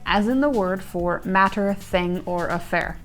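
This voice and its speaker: Over gentle background music, a host who is also learning the language gives a lesson in a mid-range voice, speaking a little slowly. Her chatty explanations include fillers, and she looks at her notes now and then.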